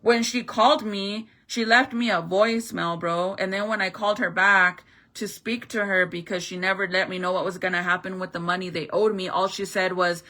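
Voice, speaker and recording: A woman's voice: medium pitch, fairly even intonation, normal speed, hardly any pauses, bright, forceful tone. A young woman telling a story in a heated, profane, slangy rant, as a vlogger.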